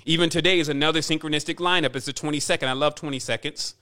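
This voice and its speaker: Man, spiritual teacher, fairly high voice, emphatic, repetitive, rambling monologue. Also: fairly even intonation, racing, pushed and bright.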